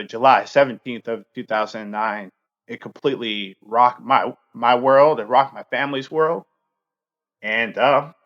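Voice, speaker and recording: A man in his thirties hosting a podcast, telling a personal story in an earnest, open way, halting and full of fillers. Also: medium pitch, a bit bright, lo-fi sound. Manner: halting, heavy use of fillers. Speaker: podcast host.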